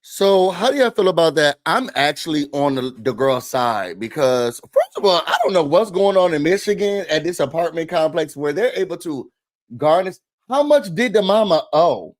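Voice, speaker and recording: Animated guy w/ a talking to viewers, dry close mic, bit high for a man. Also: normal speed, no echo. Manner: animated, talks straight to viewers, acts out quotes. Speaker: show host. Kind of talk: casual hot-topics commentary.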